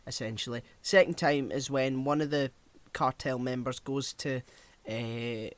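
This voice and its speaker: A man's voice: medium pitch, fairly even intonation, measured pace. Man steering a film chat. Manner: conversational, steers topics, recounts scenes. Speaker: podcast co-host.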